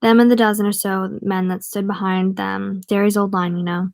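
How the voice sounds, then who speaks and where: A woman's voice: medium pitch, level tone, moderate pace, vocal fry, a little mellow, no echo. Woman reading a novel aloud, dry sound. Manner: reads a novel aloud, breaking off for wry spoken comments. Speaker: audiobook reader. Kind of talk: casual read-aloud with asides.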